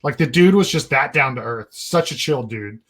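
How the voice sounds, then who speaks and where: A young adult man tells a story on his podcast, rambling along casually with plenty of swearing. His voice sits at an ordinary middle pitch, and the whole thing feels relaxed and conversational. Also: moderate pace. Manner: rambling, profane, laid-back. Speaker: podcast host.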